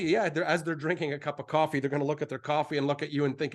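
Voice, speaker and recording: Here the same kind of middle-aged host goes rapid-fire, hammering the same sales points over and over with excitable energy. He's hyping himself up through his live presentation.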